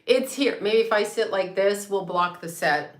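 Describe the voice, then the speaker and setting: A woman hosting a casual livestream from home, chatty and excitable, swearing freely and laughing often. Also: medium pitch, moderate pace. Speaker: psychic medium and astrologer livestream host. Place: home room with a set. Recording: echoey room with faint noise.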